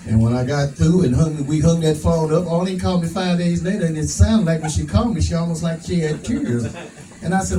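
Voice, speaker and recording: Rousing man with a higher voice, folksy preacher-style speech, echoey room, distant mic, background noise. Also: moderate pace. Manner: rousing, folksy, laughs at his own jokes. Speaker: advocate speaker. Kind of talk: preacher-like speech at a prayer breakfast. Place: event hall.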